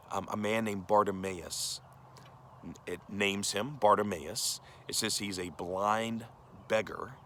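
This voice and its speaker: Deep-voiced pastor preaching plainly. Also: male voice, sharp tone, slight background noise. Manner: earnest and direct, with rhetorical questions to listeners. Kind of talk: conversational sermon.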